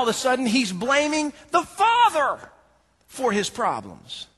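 A man preaching a sermon as pastor, swinging between hushed, drawn-out lines and loud, rising outbursts. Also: very high voice, wildly swooping pitch, breathy edge. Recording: echoey hall, long reverb.

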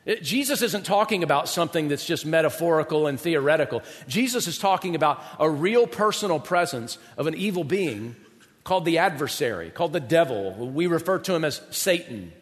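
Man, pastor, sermon, high voice, chatty preaching, rhetorical questions, long hall reverb. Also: expressive, brisk. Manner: conversational, asks rhetorical questions with "right?".

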